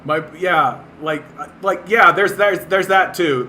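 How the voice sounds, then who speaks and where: A man's voice: high-pitched, takes it slowly, hardly any pauses, bright, forceful tone, a little hiss or hum. Exasperated sweary man ranting on stream. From Canada. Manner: exasperated, sweary, laughing in disbelief. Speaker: livestream host. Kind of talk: ranting livestream commentary.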